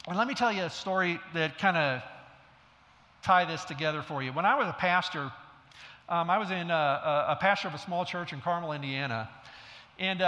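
Man, middle-aged pastor, sermon, conversational storytelling, bright tone, long hall reverb. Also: fairly high pitch. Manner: storytelling, conversational with self-deprecating laughs.

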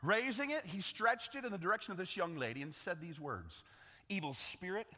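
A pastor preaching with a lively, swinging voice, asking the congregation to answer back as he tells the story. His tone is bright and forceful, and the sound carries through a long, echoey hall. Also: high-pitched, a little fast. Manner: dramatic storytelling with call-and-response. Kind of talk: sermon.

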